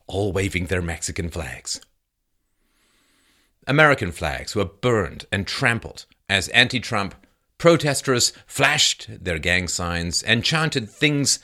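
A man's voice: on the low side, sharp tone. A man delivering an emphatic, sarcastic political commentary monologue.

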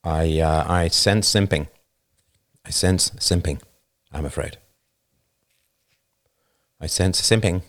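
Deep-voiced man hosting a livestream. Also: takes it slowly, pauses often. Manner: emphatic, keeps asking "right?". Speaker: livestream host. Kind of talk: casual livestream monologue. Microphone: new studio microphone.

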